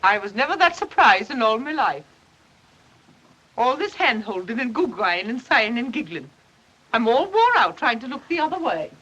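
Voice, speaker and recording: A homespun older mother, wry and plainspoken. Her husky voice swoops lively up and down as she grumbles. A 1930s film acting style. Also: a little high, moderate pace, exaggerated voice, low-quality recording. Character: folksy older mother, dryly amused, plainspoken.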